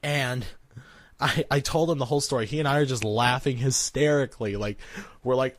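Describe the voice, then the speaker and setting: A young man co-hosting a podcast, telling a story in an animated, laughing way. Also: mid-range voice, brisk, dry recording, clean studio sound. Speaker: podcast co-host. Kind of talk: casual storytelling.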